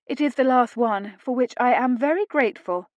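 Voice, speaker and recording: A spirited young noblewoman, tart and quick to tease, her voice lifted higher and livelier as a woman narrator puts her on. The reading is close and dry, with no room around it. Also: darkish tone, no echo, lo-fi sound, close to an everyday voice. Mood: teasing. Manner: brisk, tart and teasing. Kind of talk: audiobook dialogue reading.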